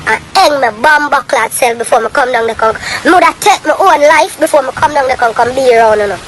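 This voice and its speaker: A woman from Jamaica with a Jamaican accent, delivering a heated, swearing rant on a livestream and shouting at times. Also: high-pitched, fast talker, slight background noise.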